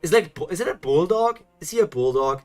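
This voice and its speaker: A young man streaming a live webcomic read-along, reacting excitedly with laughs and rambling, stumbling asides. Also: on the high side, fairly quick, faint music behind.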